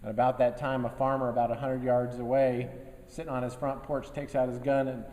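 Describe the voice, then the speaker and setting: A man in his fifties speaks as a guest general to a business group, with a mellow, warm voice at an ordinary pitch. He tells folksy stories with dry humor in a relaxed, conversational way, full of fillers. The sound has the long reverb of a meeting hall. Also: brisk, slight background noise. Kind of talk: after-lunch speech to a business group. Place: meeting room before a live audience.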